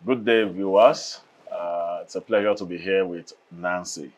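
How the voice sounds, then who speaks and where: A man's voice: sits low, fairly even intonation, a little slow. A man from Nigeria playing a self-assured journalist guest on a TV talk show, speaking in an emphatic, lecturing way.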